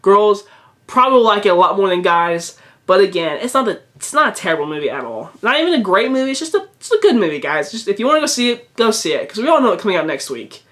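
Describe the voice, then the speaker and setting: A man's voice: high-pitched, very animated, quick pace, fairly bright tone. A young man talking casually to camera in a movie review, chatty and repetitive, with frequent restarts and fillers. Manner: chatty, repeats himself, many restarts and fillers.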